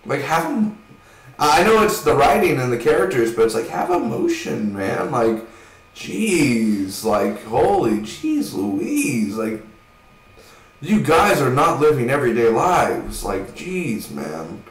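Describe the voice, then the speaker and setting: A man giving a rambling, casual spoken film review, swearing now and then and acting out scenes in quick voices. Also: medium pitch, very animated, roomy sound, distant mic, poor audio.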